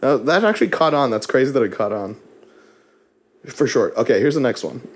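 A man's voice: mid-range voice, big pitch swings, fairly quick, husky. A man hosting a casual podcast, playfully running a movie-quote quiz. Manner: playful, laughing, chatty. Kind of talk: casual chat.

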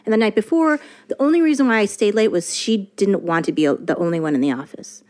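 A woman casually telling a story from her working life, animated and profane, often restarting her sentences. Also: mid-range voice, fast talker.

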